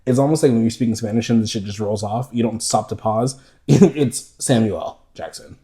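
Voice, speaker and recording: Mellow-voiced animated man, casual podcast chat. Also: fairly low pitch, normal speed. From United States. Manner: animated, profane, laughing storyteller. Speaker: podcast co-host.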